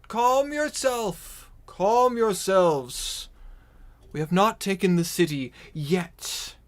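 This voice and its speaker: A man voicing a pompous male orc herald who addresses a crowd in slow, drawn-out proclamations. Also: sits high, voice pushed up. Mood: rallying.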